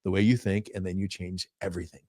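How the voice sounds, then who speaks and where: Animated male host, dry studio sound. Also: deep voice, fast, no room sound. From Pennsylvania, US. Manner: animated storyteller, repeats words for emphasis. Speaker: podcast host. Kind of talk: casual conversational commentary.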